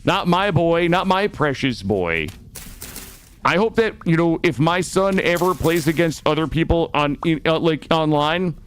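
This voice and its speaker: A young man streaming a game, chatting casually with viewers, swearing often and swinging between loud remarks and muttering. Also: on the high side, animated, a little slow, slight background noise. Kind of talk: casual gameplay chat with viewers. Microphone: studio microphone.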